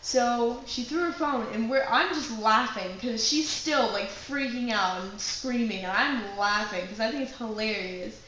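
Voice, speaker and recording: A young woman spins a funny anecdote for her class, chatty and full of asides. Her voice sits a bit high and bounces around a very echoey room, with a faint hiss underneath. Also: unhurried, few pauses. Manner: animated, chatty storytelling with many asides. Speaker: acting class student. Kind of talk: personal anecdote told to a class.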